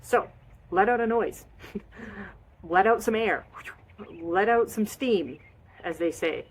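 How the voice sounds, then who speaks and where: A woman gives casual holistic wellness advice in an expressive style, repeating short phrases and acting out feelings with sighs and little noises. Her voice is medium-pitched and slow, with a little hiss or hum in the recording.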